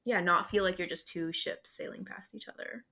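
A young woman in her twenties hosts and conducts the interview, her voice on the low side, gravelly, and moderately paced. A warm listener, she offers frequent "mm-hmm"s, laughs along, and talks casually with many fillers in this casual conversation.

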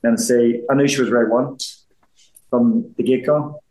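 A man in his fifties with a softened Belfast accent talks through an interview in a loose, circling way. He restarts sentences and repeats phrases as he goes. His voice sits at an ordinary pitch, and the room adds a noticeable echo. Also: steady tone, normal speed. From Belfast, Northern Ireland. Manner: rambling, repeats himself, frequent restarts. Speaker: interview guest, former boxer. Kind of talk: casual interview chat.

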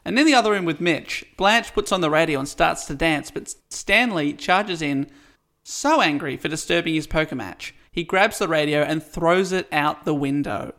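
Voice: medium pitch, expressive, normal speed, a bit bright. A podcast co-host recapping a play with dry, wry remarks. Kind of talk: recapping a play in casual chat.

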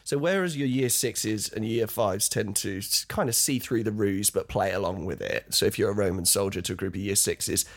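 A man's voice: fairly low pitch, normal speed, few pauses. A man who is a guest actor, telling stories in casual chat and laughing often.

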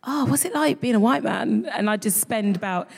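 A woman's voice: fairly high pitch, normal speed, vocal fry, husky. A woman, an actress co-hosting a live comedy podcast, telling chatty stories with giggles. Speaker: guest co-host, actress. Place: live venue stage.

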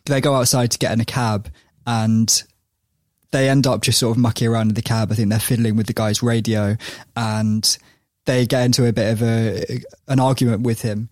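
A man's voice: mid-range voice, flat delivery, moderate pace, no echo. A man hosting a podcast, telling a story in a chatty way with frequent laughs and restarts. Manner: chatty, laughs often, many fillers and restarts. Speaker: podcast host.

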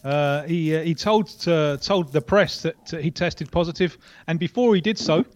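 A man reporting down a line as a football correspondent, talking in a wry, animated way with many restarts. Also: on the high side, normal speed. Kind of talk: radio interview.

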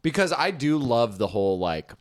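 A man's voice: medium pitch, very animated, normal speed, dry recording, clean studio sound. A man co-hosting a comedy podcast who teases his partner in a laid-back way, full of filler words. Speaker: podcast co-host. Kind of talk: casual comedy podcast banter.

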